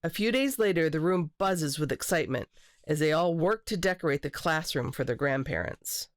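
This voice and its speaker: A woman's voice: sits low, moderate pace, dry recording. Woman author reading a picture book. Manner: clear, expressive storytelling.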